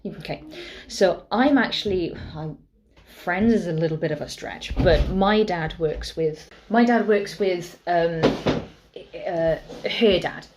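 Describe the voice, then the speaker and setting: A woman's voice: lowish voice, takes it slowly, background noise. A young woman, co-hosting a podcast and telling chatty, anecdotal stories. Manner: chatty, anecdotal storytelling with many fillers. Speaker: podcast co-host. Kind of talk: casual chat.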